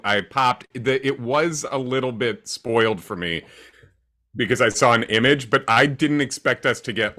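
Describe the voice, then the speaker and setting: A man co-hosting a casual livestream recap, excitable and playful. His pitch swings around a lot, and his tone stays bright and forward. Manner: excitable, playful, quick to joke. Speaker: podcast co-host.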